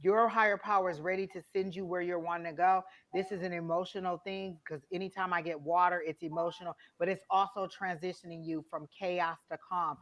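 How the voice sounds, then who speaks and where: A woman's voice: fairly low pitch, steady tone, a little fast, few pauses. A woman tarot reader on a live stream, speaking straight to a viewer and asking many questions as she gives a reading.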